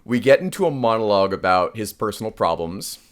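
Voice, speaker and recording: A man's voice: lowish voice, big pitch swings, a little fast. A man co-hosting a podcast, talking about a film in a wry, chatty way with lots of fillers. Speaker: podcast co-host. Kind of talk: casual film discussion.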